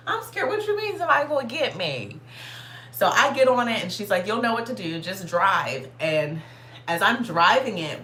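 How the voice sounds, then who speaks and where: A woman vlogger telling a story in a casual, animated way, swearing and saying "like" constantly. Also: medium pitch, echoey room, slight background noise. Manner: animated, profane, heavy filler "like".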